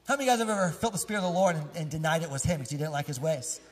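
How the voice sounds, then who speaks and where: A man in his thirties preaching a sermon as pastor, conversational and lively, polling the congregation and joking as he corrects himself mid-sentence. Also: a little high, very fast, hardly any pauses. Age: 30s. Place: church sanctuary. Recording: long church hall reverb.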